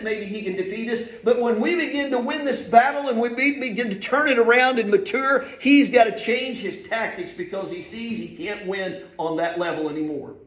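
A man in middle age delivers a sermon from the pulpit, his voice pitched high and ringing through an echoey church hall. He speaks emphatically, pressing each point and lifting his voice as he reads scripture. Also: fairly bright tone. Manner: emphatic, reads scripture aloud with rising force. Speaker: pastor. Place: church sanctuary.

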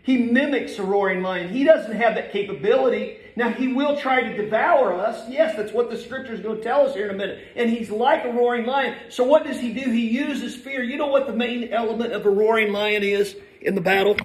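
A man's voice: extremely high pitch, brisk, hardly any pauses. A middle-aged male pastor preaching a sermon in a church, emphatic and building in force as he reads scripture aloud. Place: church sanctuary. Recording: echoey church hall.

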